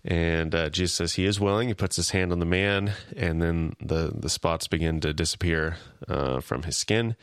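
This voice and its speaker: A man's voice: deep voice, steady tone, moderate pace, hardly any pauses, smooth, dry recording, clean studio sound. A man co-hosting a podcast, recapping a TV episode casually and lightly acting out the characters' lines. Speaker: podcast co-host.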